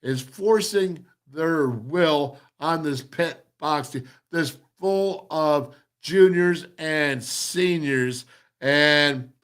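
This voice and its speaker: A man hosting a football show, breaking down game film with excited, emphatic commentary and lots of repeated phrases. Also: a little high, extremely slow, smooth. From former offensive lineman.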